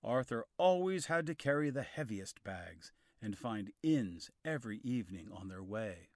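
A man narrating a storybook in a clear, expressive style. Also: lowish voice, normal speed.

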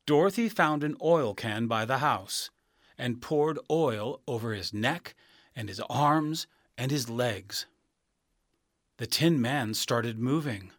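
A man reading a children's storybook aloud as narrator, slow, clear and expressive. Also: medium pitch, no echo, clean studio sound.

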